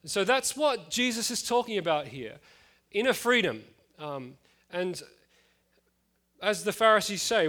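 Man preaching, late thirties, fairly high voice, casual, lots of fillers. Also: big pitch swings, measured pace, bright, forceful tone. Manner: casual, chatty, with frequent fillers and asides. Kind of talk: conversational sermon.

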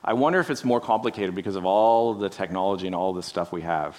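Low-voiced man musing in a sermon. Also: fast talker, darkish tone. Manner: musing, rhetorical asides, frequent "right?"; addresses listeners directly. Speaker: pastor. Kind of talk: conversational sermon.

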